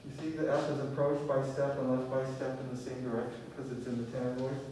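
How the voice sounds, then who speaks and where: A man's voice: mid-range voice, flat delivery, fast talker, dark tone. A man teaching a music theory class, lecturing and often checking in with his students with questions. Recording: echoey classroom from far off, faint noise.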